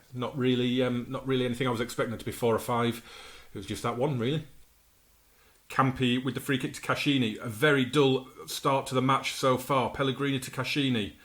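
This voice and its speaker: A man casually narrating his own football management game, with chatty asides and sudden excited outbursts over the action. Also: medium pitch. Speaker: gaming YouTuber. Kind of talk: commentating his own video game playthrough.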